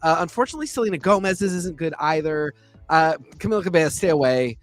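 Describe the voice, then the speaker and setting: Sex: man. Role: podcast co-host. Style: casual chat. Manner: easygoing, thinking aloud. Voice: slightly high. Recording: dry. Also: animated, quick pace, no echo, faint music behind. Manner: easygoing, thinks aloud with ums while giving opinions.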